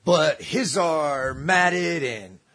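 A man telling a story in casual chat, animated and swearing, acting out voices. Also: fairly high pitch, extremely slow. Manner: animated, swearing, acts out voices in his stories.

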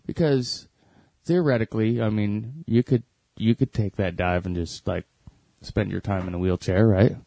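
A man's voice: on the low side, moderate pace, vocal fry, dark tone. A laid-back man co-hosting a podcast, casual and a little rambling as he asks his questions. His voice is dry and close, with no room echo. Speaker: podcast co-host. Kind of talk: casual chat.

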